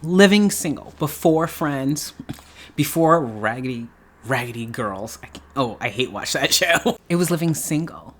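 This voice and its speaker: A woman's voice: a bass voice, animated, unhurried. A middle-aged woman from New York talking casually in a vlog, chatty and emphatic, laughing often and repeating herself for effect. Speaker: beauty YouTuber.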